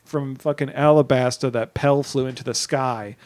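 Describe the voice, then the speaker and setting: A man co-hosting a podcast, casually recapping an anime episode with jokes, fillers and quick put-on voices for the characters. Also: medium pitch, steady tone, a little mellow. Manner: frequent fillers and trailing asides. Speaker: podcast co-host.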